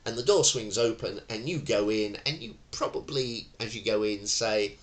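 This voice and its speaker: Animated, middle-aged man teaching. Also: on the low side, normal speed. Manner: animated storyteller who acts out voices. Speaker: tai chi instructor. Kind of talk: teaching talk with anecdotes.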